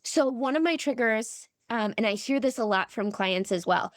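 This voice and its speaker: A woman's voice: fairly high pitch, lively intonation, normal speed, no echo. A woman coach on a podcast, speaking emphatically and often checking in with "right?". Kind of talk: podcast conversation.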